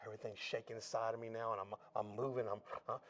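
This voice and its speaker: Man, church testimony, animated storytelling, folksy casual talk, loud and hushed by turns. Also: fairly low pitch, fast. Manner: animated storyteller, acts out scenes with swings between loud and hushed. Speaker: church speaker giving his testimony. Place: church service.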